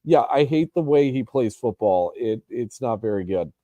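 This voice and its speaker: Mellow-voiced man in casual sports chat. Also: medium pitch, expressive, moderate pace, no room sound. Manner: hesitant, lots of restarts and ums. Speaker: podcast co-host.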